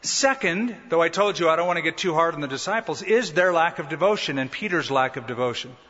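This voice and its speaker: A man delivers a sermon in a bright, slightly high voice and animates the quoted lines with rising pitch. The recording carries a long hall echo and sounds a bit muffled. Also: expressive, fairly quick. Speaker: pastor.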